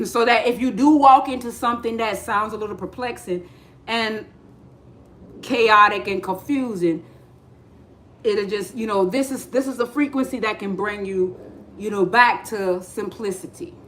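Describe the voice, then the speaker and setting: A woman's voice: mid-range voice, measured pace, fairly bright tone. A woman hosting a casual live spiritual talk, slangy and repetitive, often breaking into laughter as she addresses her chat. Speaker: spiritual livestream host.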